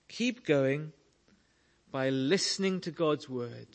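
A man preaching a sermon, slow and earnest, telling stories to make his point. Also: a little high, expressive.

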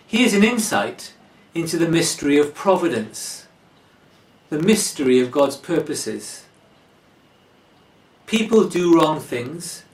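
Male preacher, slow and deliberate, lively pitch, heard from a distance in an echoey church. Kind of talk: sermon.

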